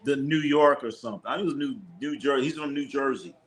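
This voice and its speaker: A man with a mid-range voice and a slightly fast pace streams a live basketball watch party. He casually calls plays, reads chat questions, jokes with viewers, and frequently repeats himself.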